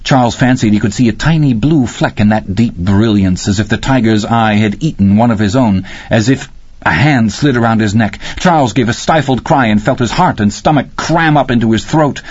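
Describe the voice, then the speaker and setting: A man narrating a story in a measured, even way. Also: fairly low pitch, slightly rough, no echo, dull audio. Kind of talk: audiobook narration.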